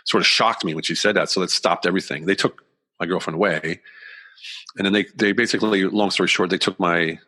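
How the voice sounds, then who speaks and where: Very deep-voiced man telling his story. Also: steady tone, a little fast, sharp tone. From United States. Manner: earnest, rambling with frequent restarts. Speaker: podcast guest. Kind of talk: candid personal storytelling.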